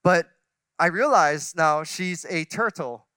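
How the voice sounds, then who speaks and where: A man's voice: fairly high pitch, animated, slow pace, pushed and bright, smooth, no echo. A man in his forties preaching a sermon as a pastor, talking in a conversational, self-deprecating way with frequent restarts and asides. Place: church sanctuary.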